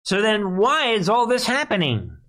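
A man's voice: sits high, wildly swooping pitch, normal speed, a bit bright. A man hosting a live political commentary stream, talking in a sarcastic, scoffing way.

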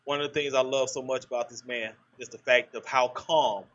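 A man hosting a casual political chat, halting with frequent restarts. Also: medium pitch, fairly even intonation, fairly bright tone. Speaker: podcast host. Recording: muffled lo-fi audio.

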